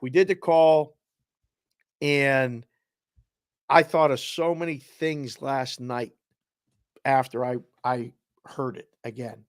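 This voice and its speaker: A man at a middle pitch talks on a podcast in a dry, close recording. He reflects with emotion, his sentences often trailing off or restarting. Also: fairly even intonation, slow pace, pauses often, no echo. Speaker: co-host. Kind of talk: casual podcast chat.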